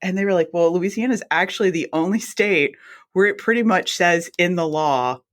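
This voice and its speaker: A woman's voice: on the low side, fairly quick. Chatty woman telling her story. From South Mississippi. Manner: chatty, animated, acts out her own quoted reactions. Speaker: guest, anesthesiologist assistant. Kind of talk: casual storytelling interview.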